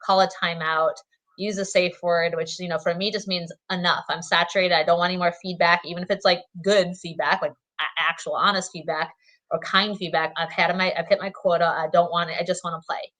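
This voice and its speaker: A lower-voiced woman chats as a podcast guest. She talks casually and laughs often. She fills her speech with likes and you-knows. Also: fairly even intonation, brisk, a bit bright. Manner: chatty, laughs often, many fillers. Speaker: guest, therapist and co-author.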